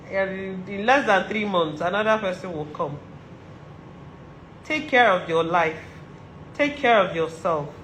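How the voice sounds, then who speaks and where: A woman with a Nigerian accent, a vlogger, delivers a motivational monologue advising other women, earnestly repeating her urgings for emphasis. Her medium-pitched voice is a bit bright. The poor recording is reverberant, with slight background noise.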